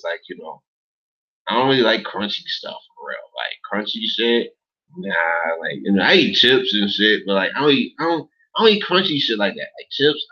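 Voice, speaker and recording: A man with a fairly low, bright, forceful voice with a breathy edge hosts a casual livestream from indoors in Los Angeles. He rambles and swears in street slang while answering his viewer chat, and the stream audio sounds dull and lo-fi.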